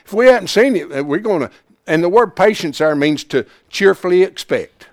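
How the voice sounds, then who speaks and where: Male preacher, high voice, fervent; hushed storytelling to excited exhortation. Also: moderate pace. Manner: repeats phrases for emphasis. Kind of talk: sermon.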